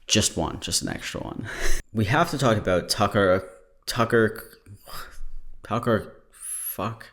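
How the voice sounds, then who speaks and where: Podcast host, man, very low voice, loose joking banter with swearing, sounds tired. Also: lively intonation, measured pace, fairly bright tone. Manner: joking, rambling, swears freely. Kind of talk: casual podcast chat.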